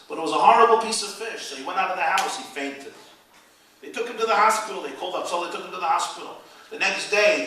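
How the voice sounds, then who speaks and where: A man, a rabbi, giving an animated inspirational speech with storytelling, his voice rising to loud peaks. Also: a little high, a little hiss or hum. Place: event hall. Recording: echoey hall, speaker far from the mic.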